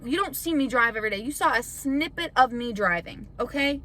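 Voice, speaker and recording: A woman's voice: high-pitched, expressive, a little fast, few pauses, a bit bright, rough recording. A young woman YouTuber in a casual vlog rant, frustrated and defensive. She swears often and rambles with lots of "like". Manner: rambling with filler "like".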